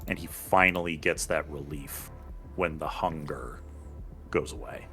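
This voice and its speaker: A man's voice: a bass voice, steady tone, measured pace, pushed and bright, faint music behind. A man playing a tabletop role-playing game, casually describing what his character does, with some swearing. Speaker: player.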